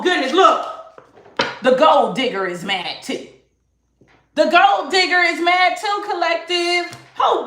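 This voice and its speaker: A woman's voice: high voice, a bit bright, echoey room, slight background noise. A woman giving a live-streamed tarot reading, emphatic and sassy, repeating phrases for emphasis. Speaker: tarot reader.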